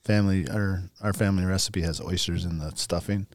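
A man's voice: low-pitched, fairly even intonation, a little fast, a crowd in the background. A man co-hosting a podcast, talking in a casual, easygoing way. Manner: easygoing, says "dude" and "man" a lot. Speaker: podcast co-host and teacher. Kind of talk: casual chat.

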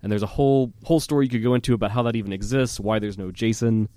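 A man hosting a podcast, telling a childhood story in a casual, animated way, with fillers and laughing at himself. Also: fairly low pitch, rapid-fire, dry recording. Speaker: podcast host.

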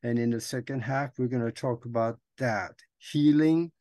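A man's voice: mid-range voice, moderate pace, warm tone, no echo, clean studio sound. A man hosting an interview show, speaking straight to the audience as he sets up a guest segment. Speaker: host.

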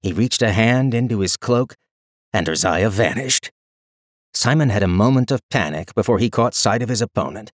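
A man narrating a fantasy audiobook in an expressive, dramatic storytelling style on a close studio mic. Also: on the low side, normal speed, dry recording. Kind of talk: scripted narration.

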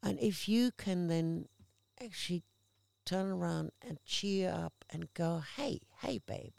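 A woman's voice: on the low side, slow, creaky, smooth, dry recording. A woman from Australia, an interview guest, telling stories in casual conversation and acting out the voices of the people in them. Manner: animated storyteller acting out quoted voices.

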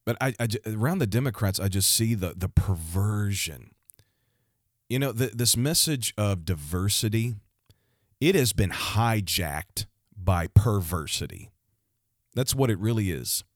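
A man delivering fervent, preachy commentary, repeating himself and building to loud outbursts. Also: lowish voice, no room sound, studio quality. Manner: fervent, repetitive, with restarts and rising outbursts. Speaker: Christian commentator.

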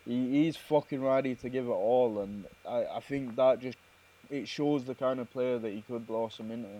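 A man's voice: medium pitch, fairly even intonation, moderate pace, mellow, rough recording. A man co-hosting a sports podcast in casual chat, thoughtful and often restarting his words. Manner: thoughtful, stumbles and repeats words.

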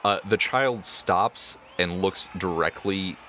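A man running a tabletop game as its game master, narrating the scene and calling for dice checks. His voice sits a little low but sounds bright and forward, and he often chuckles as he talks. Faint noise hums underneath. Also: takes it slowly.

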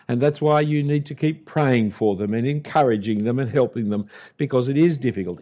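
A man's voice: mid-range voice, a little mellow. An older man with an Australian accent preaching a sermon as an Anglican pastor, emphatic and punchy, with dry humour.

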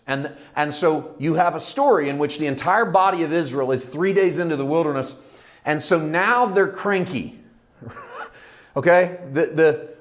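A man teaching a Bible study in a lively, conversational way, often laughing and acting out the people in the story. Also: on the high side. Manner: lively, laughs often, acts out quoted lines.

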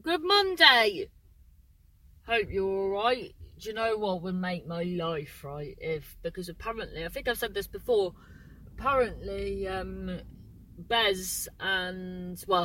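A woman's voice: on the low side, a little slow, sharp tone, a little hiss or hum, poor audio. A woman, hosting a casual solo podcast, rambling and breaking off her own sentences. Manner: rambling, chatty, keeps breaking off mid-sentence; exclamatory. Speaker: podcast host.

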